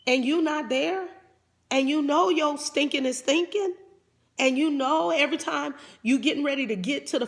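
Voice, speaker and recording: Casting note: woman motivational coach, high-pitched voice, fervent preaching delivery. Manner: fervent preaching cadence, repeats "come on". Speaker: life coach. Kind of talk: motivational talk.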